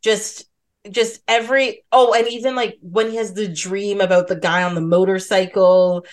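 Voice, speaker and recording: A woman hosts a relaxed film podcast. She talks in an animated way and keeps slipping into quoted voices to act out the scenes she describes. Her pitch sits in an ordinary middle range for a woman. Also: moderate pace. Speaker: podcast host. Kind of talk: casual film chat.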